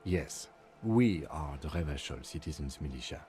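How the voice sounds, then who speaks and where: A calm, deadpan police partner from a video game, flat and matter-of-fact. The voice is very low and dark, with light noise behind it. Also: male voice, moderate pace, soft background music.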